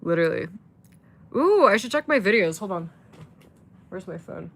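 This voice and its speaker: A woman's voice: medium pitch, big pitch swings, moderate pace, vocal fry. A woman livestreaming in casual chat, rambling with lots of fillers and swearing when frustrated.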